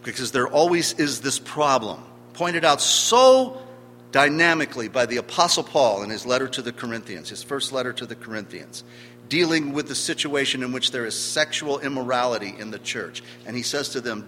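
A man's voice: medium pitch, expressive, moderate pace, pushed and bright. A man preaching a sermon, emphatic, stressing key words by swelling in volume. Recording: long hall reverb with faint hum.

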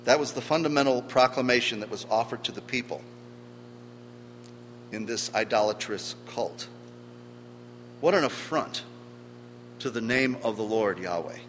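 A man's voice: mid-range voice, normal speed, pauses often, a bit bright. A man preaching a sermon, emphatic, stressing key words by swelling in volume. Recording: long hall reverb with faint hum.

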